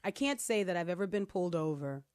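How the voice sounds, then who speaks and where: Animated low-voiced woman telling a story. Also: quick pace, dry recording, clean studio sound. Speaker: co-host. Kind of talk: casual chat.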